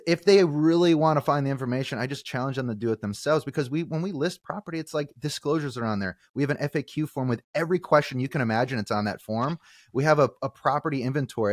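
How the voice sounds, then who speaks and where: Blunt, rapid-fire male real estate agent guest, swears freely, dry close-mic sound. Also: fairly high pitch, lively intonation, dry recording. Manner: blunt and fast, with frequent profanity. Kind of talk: casual podcast chat.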